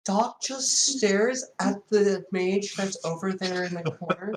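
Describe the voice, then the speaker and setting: A player chatting quickly and animatedly during a tabletop game. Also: medium pitch, roomy sound, rough recording. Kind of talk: casual tabletop play.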